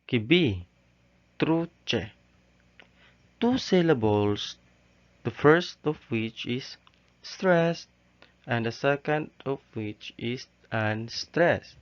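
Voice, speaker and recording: A male teacher giving a recorded lesson, halting often with "okay" and "so". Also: mid-range voice, lively intonation. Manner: slow, halting delivery with frequent "okay" and "so". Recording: dull, lo-fi recording.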